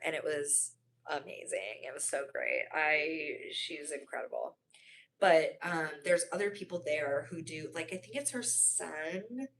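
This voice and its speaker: A woman's voice: low-pitched, bright, forceful tone, a little hiss or hum. A young woman chatting on a livestream, reading viewers' comments and rambling through stories with lots of fillers and self-corrections.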